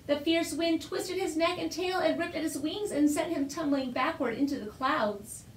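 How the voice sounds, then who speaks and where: A woman reading a children's picture book aloud with lively, expressive narration. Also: high voice, normal speed, a little hiss or hum. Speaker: storyteller. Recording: roomy echo.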